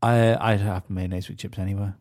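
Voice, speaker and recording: Mellow-voiced man, laid-back. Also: low voice, level tone, fairly quick. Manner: laid-back, sweary storytelling. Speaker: podcast co-host. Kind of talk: casual comedy chat.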